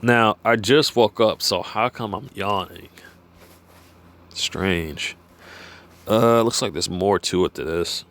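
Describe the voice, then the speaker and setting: A vlogger with a lowish voice reads numbers from a page plainly and steadily. Once he strays from the text to muse aloud, he turns halting, rambling and restarting with lots of "uh" and "you know."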